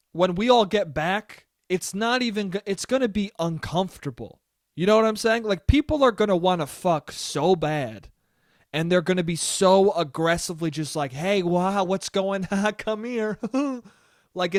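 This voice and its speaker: Young male podcast host, high-pitched, dry close sound, swears and rambles. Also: dry recording. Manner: profane, rambling, laughs often. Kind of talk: casual solo monologue.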